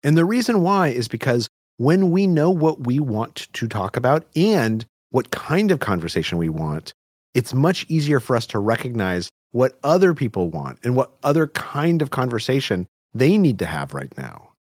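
Animated man explaining communication research. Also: medium pitch, moderate pace, dry recording, studio quality. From Albuquerque, New Mexico, US. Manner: explanatory, animated, frequent "right?" and "like". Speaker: guest expert on communication. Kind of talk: conversational interview.

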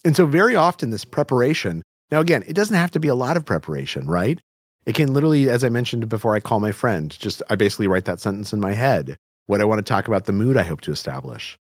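A man from New Mexico explains how conversation works, his pitch rising and falling in lively swings. He speaks in a dry, close studio sound with no room around him. He often checks in with a quick "right?" and scatters "like" through his sentences. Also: dry recording. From Albuquerque, New Mexico, US. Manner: explanatory, animated, frequent "right?" and "like". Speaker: guest expert on communication. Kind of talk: conversational interview.

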